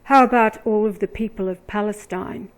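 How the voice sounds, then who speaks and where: A woman giving religious commentary, reading scripture verses aloud with deliberate, emphatic delivery. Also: medium pitch, fairly even intonation, low-quality recording.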